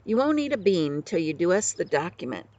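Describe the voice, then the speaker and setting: A woman voicing a gruff, boastful male outlaw leader in a storybook reading, bossing everyone around in rough slang. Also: on the low side, sing-song, brisk, a little mellow, lo-fi sound. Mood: scornful. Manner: coarse old-fashioned slang, bossy.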